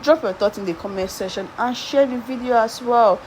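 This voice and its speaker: A woman's voice: fairly high pitch, brisk, a little mellow, slight background noise, rough recording. A woman makeup artist narrating a tutorial, talking straight to her viewers, repeating words for emphasis and asking rhetorical questions. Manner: talks directly to viewers, coaxing and reassuring.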